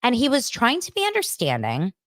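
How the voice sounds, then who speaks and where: A woman hosting a podcast, chatting in a gossipy, animated way as she recaps a reality show. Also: fairly high pitch, fairly quick, no room sound, clean studio sound. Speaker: podcast host.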